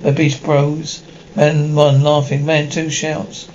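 A man's voice: on the high side, level tone, takes it slowly, darkish tone, lo-fi sound, slight background noise. A man reading a story aloud, voicing every role and reading the action cues. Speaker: reader.

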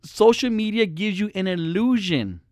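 A man tells a personal story as a casual monologue, swearing freely and ranting as he goes. His voice sits a little high for a man and swings widely up and down in pitch. The recording is close and dry, with almost no room sound. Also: normal speed, no echo. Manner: profane, animated and ranting. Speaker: podcaster and social media personality.

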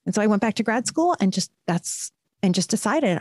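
A woman in her forties speaks as a podcast guest, recounting her life with earnest conviction and quick, animated bursts. Her pitch sits in an ordinary middle range. The sound is dry and close, with no room around it. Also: dry recording. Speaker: podcast guest, purpose coach. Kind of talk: conversational storytelling.

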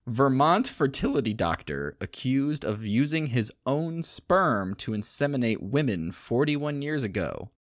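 A man's voice: mid-range voice, sing-song, a little slow, few pauses, no room sound. Man, podcast co-host, reads news bits, wry asides, dry recording. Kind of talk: casual podcast chat.

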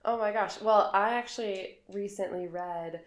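A young American woman chatting casually as co-host, telling stories in a bubbly, animated way. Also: medium pitch, normal speed, reverberant. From United States. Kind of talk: casual chat.

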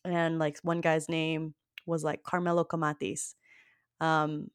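A woman's voice: sits low, level tone, measured pace, dry recording, studio quality. A woman hosting a podcast, chatting casually with lots of fillers and easy laughs. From Filipino family. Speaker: podcast host.

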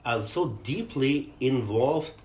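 A man talking as a guest about working with athletes, hesitant and halting, often trailing off softly. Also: mid-range voice, expressive. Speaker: guest who works with athletes. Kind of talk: casual conversation. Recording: echoey room.

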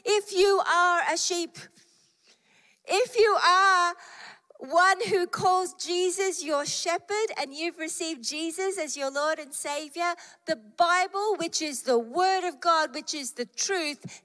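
Female preacher, high voice, slow and emphatic delivery, repeats key phrases; echoing hall. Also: fairly bright tone. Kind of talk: sermon.

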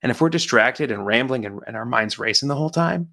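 Male podcast co-host with a gravelly voice, reflective, talks with many fillers. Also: mid-range voice, expressive, quick pace, sharp tone. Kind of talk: casual conversation on faith.

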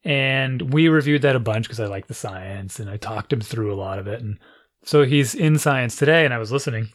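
A parent telling an exasperated story in a casual chat, animated and full of "like" fillers. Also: medium pitch, brisk.

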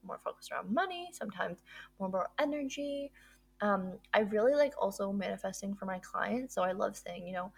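A woman's voice: medium pitch, slightly rough. A woman hosting a podcast, talking through her routine in a casual solo monologue, upbeat and gushing, with lots of fillers. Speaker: podcast host.

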